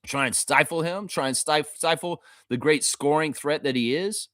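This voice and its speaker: A man hosting a casual live-stream sports show for fans, reading chat comments aloud, animated and profane, laughing often. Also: on the high side, moderate pace, no room sound, studio quality. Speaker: fan show host.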